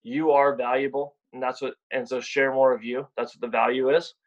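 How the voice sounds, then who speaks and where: A man's voice: medium pitch, level tone, a little fast, muffled recording. A young man guest talking frankly and casually about sales, often repeating words as he starts a thought. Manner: blunt, repeats words when starting sentences. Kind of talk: casual podcast chat.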